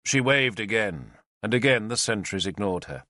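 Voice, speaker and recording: In a voice on the low side, a man narrates a scripted audiobook at a moderate pace, telling the story expressively. The studio recording is clean and free of echo.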